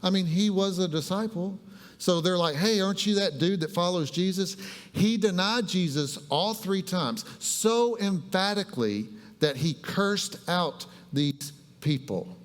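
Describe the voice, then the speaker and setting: A man's voice: sits high, lively intonation, a little slow, in a large hall. Man preaching a joking sermon. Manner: humorous, conversational preaching with playful paraphrases. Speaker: pastor. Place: church sanctuary.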